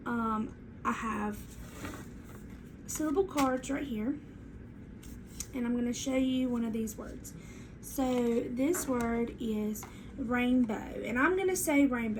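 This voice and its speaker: A woman teacher reads aloud and leads a reading lesson for young children, speaking clearly in a sing-song classroom manner. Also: a little high, slow, long pauses, background noise.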